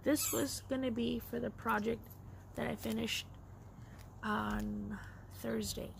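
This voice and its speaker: Woman, casual craft vlog chat, raspy fry in the voice, a little faint background hum. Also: a little high, takes it slowly. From Los Angeles area. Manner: chatty, excitable, laughs often. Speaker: craft vlogger. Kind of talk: casual yarn haul chat.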